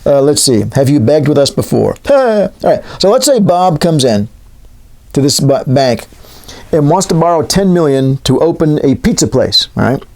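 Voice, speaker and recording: A man's voice: fairly high pitch, big pitch swings, moderate pace, a little mellow. A man teaching in a casual, joking lecture style, wandering into asides. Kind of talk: classroom lecture.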